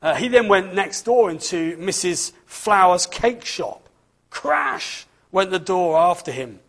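Husky, slow-talking man telling a story. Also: high voice. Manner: animated storyteller, asks the listeners questions. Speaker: preacher giving a children's talk. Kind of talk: storybook reading and children's talk.

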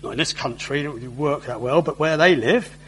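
A man's voice: fairly high pitch, fast talker, a bit bright, a little hiss or hum, rough recording. A man preaching a sermon in a conversational way, often asking his listeners tag questions.

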